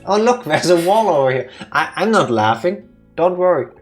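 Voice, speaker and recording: A man's voice: fairly high pitch, big pitch swings, moderate pace, soft background music. A man co-hosting a game let's play, chatting casually with playful, teasing jokes and wordplay. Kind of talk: casual joking commentary.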